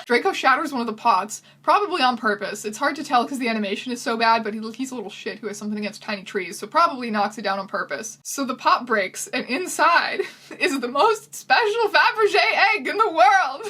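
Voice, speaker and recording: A woman riffs through a movie recap in sarcastic, incredulous commentary. Her voice sits bright and slightly husky, a bit higher than most, close to the mic. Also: animated, a little fast. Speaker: video host. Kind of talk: comedic commentary.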